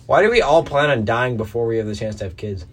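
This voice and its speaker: A man's voice: medium pitch, animated, fast talker. A young man co-hosting a casual podcast, teasing his friends and swearing freely as he heckles them. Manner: teasing, profane, jumps in to heckle. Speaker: podcast co-host. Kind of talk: casual chat.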